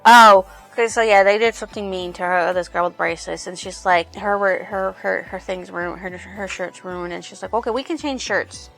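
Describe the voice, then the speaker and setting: A woman's voice: on the low side, steady tone, moderate pace, creaky, few pauses, a bit bright, soft background music. A woman reviewing a book, rambling through the plot in a casual retelling full of "she's like" quotes.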